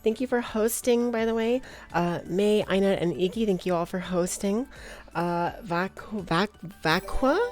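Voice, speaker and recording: A woman's voice: fairly high pitch, a little mellow. A young woman with a slight Valley Girl accent, chatting casually with her live stream viewers, bubbly and giggly as she greets them by name.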